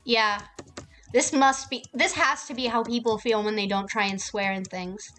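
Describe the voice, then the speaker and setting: A woman's voice: fairly high pitch, fairly even intonation, moderate pace, fairly bright tone, faint music behind. A woman streaming a game, ranting casually with heavy swearing. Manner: profane and heated.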